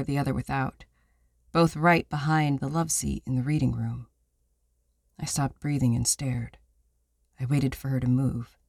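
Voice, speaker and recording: A man reading a novel aloud in the first person, measured and somber, recorded on a close studio mic. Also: medium pitch, vocal fry, no echo. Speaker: audiobook narrator. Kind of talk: scripted first-person narration.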